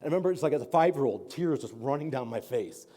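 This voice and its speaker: Fast-talking pastor in a big hall. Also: male voice, medium pitch, lively intonation, mellow. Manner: earnest, rambling storytelling with many fillers. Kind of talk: storytelling sermon. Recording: long hall reverb.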